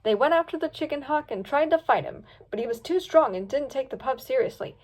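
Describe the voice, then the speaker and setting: A woman reads a storybook tale aloud with a lively, swooping delivery. Her voice sits a little high and she shifts into character voices as she goes. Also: a little fast. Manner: lively, voices each pup and hawk with pitch jumps. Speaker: fanfiction reader.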